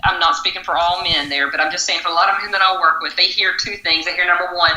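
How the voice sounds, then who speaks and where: A woman coach speaks in a measured, advisory way on a podcast. Her voice is low-pitched but very bright and forceful. The room around her rings with a noticeable echo. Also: steady tone, a little hiss or hum. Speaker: relationship coach. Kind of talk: podcast discussion. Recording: roomy echo.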